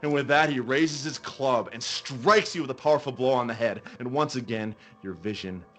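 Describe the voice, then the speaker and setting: A man running a tabletop game as game master, telling the scene in a slow, dramatic way with long pauses. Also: medium pitch, fairly bright tone, soft background music.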